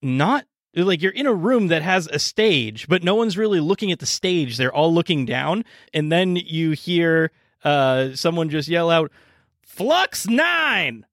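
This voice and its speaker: A man narrating a tabletop game as game master, in halting narration full of fillers. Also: a little high, expressive, no room sound, studio quality.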